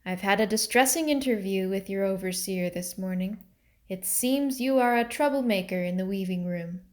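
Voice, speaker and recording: A woman reading the part of a stern, formal middle-aged male mill agent in a storybook, questioning in a measured way. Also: mid-range voice, close to an everyday voice.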